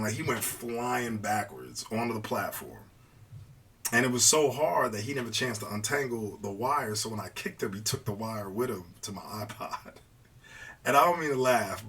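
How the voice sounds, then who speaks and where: A man casually telling a personal story, animated, swinging between hushed asides and excited outbursts. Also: fairly low pitch, husky, distant mic.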